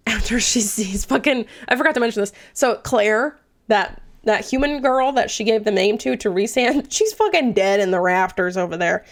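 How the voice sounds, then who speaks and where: A woman's voice: mid-range voice, animated, moderate pace. A young woman recapping a book in a chatty, casual way, swearing freely and dropping into whispered asides. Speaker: book reviewer.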